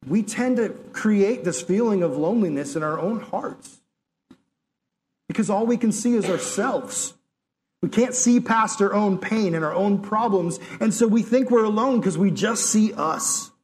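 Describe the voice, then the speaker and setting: High-voiced man preaching conversationally. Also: a little hiss or hum. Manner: earnest, conversational, talks straight to listeners; acts out God's and Elijah's words in lively asides. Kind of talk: sermon.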